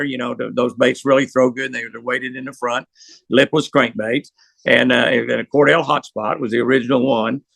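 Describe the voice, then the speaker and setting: An older man with a deeply gravelly, forceful voice tells folksy fishing stories as an interview guest. He rambles from one anecdote to the next. The sound is dry and close. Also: no room sound. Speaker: pro angler guest. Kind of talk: storytelling interview.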